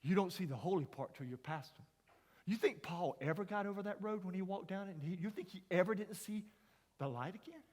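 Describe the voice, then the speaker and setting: Middle-aged guy preaching, high-ish voice, big echoey chapel, tells it like a story. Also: brisk. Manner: folksy, dramatic storyteller, drops to whispers and rises to near shouts. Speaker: chapel speaker. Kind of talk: storytelling sermon. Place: large university chapel. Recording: long hall reverb.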